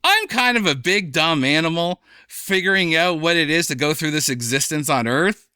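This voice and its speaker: A young adult man, a comedian guest on a podcast, talking in an animated, chatty way. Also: a little high, moderate pace, smooth, no room sound, clean studio sound. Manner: animated, chatty, slips into playful voices for examples. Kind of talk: casual podcast conversation.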